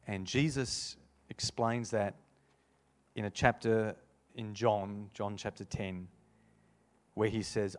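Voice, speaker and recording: A man with a somewhat low voice preaches an altar call to a congregation. He is earnest and repeats his key phrases. He slows down when he quotes scripture. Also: fairly even intonation.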